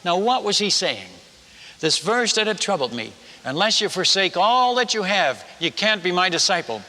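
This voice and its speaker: A man's voice: high voice, big pitch swings, moderate pace, pushed and bright. A man, a missionary preacher, tells a story in a sermon, acting out the dialogue and the sound effects. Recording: long reverb of a large hall.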